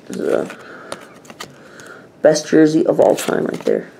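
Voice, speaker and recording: A man's voice: fairly high pitch, huge pitch swings, measured pace, gravelly, mellow, a little hiss or hum. A young man chatting casually in his own vlog, rambling and emphatic in his opinions. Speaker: vlogger.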